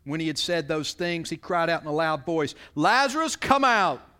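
This pastor's voice is fairly high, bright, and clean, with a flat delivery and a brisk pace. He preaches expository-style, reading scripture and explaining it, and frequently turns to the congregation with rhetorical questions.

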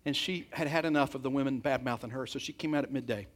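A man's voice: medium pitch, fast. A man preaching a sermon, retelling a scripture story in casual everyday speech and breaking into acted quotes. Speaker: pastor.

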